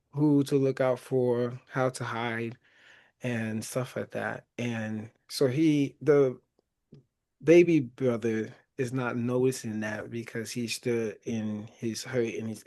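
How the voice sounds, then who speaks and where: A podcast host with a creaky, mid-range male voice retells a film's story in a relaxed, casual chat. He's animated and laughs often, slipping into the characters' lines and acting out quotes as he goes.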